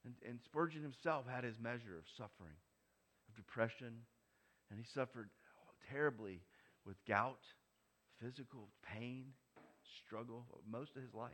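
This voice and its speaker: A middle-aged man preaching a sermon, moving from soft, hushed lines to loud, emphatic ones. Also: mid-range voice, moderate pace. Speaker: pastor.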